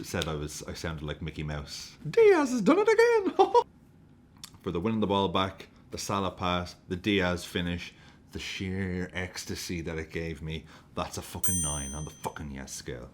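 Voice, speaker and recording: Low-voiced man gushing, sweary and excitable. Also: normal speed. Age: adult with a young daughter. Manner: excitable, sweary, laughs often. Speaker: football fan vlogger. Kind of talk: excited match reaction.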